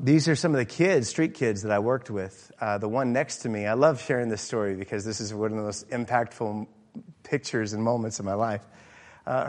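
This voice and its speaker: A middle-aged pastor preaching an earnest sermon, often pausing with fillers and restarts. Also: male voice, mid-range voice. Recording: hall reverb.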